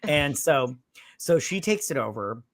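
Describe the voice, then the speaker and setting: A man's voice: medium pitch, unhurried, no echo. Brief: man, podcast co-host, casual and crude, voice in the middle range, dry close sound. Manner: animated, profane, acts out characters in quotes. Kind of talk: casual movie review chat.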